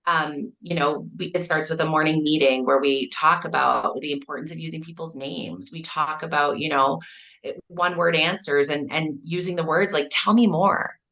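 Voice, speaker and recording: A middle-aged Canadian woman with a Canadian accent and a low, gravelly voice with plenty of fry. She speaks as an earnest kindergarten teacher in a conversational interview. She tells stories with warmth and acts out the quotes in them. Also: normal speed. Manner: earnest, storytelling, acts out quotes with lively animation. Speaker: kindergarten teacher and author, guest.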